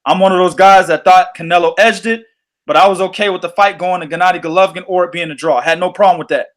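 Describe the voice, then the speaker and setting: A man hosting a boxing podcast, ranting in a loose, profane, animated way. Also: sits high, quick pace. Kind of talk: casual podcast chat.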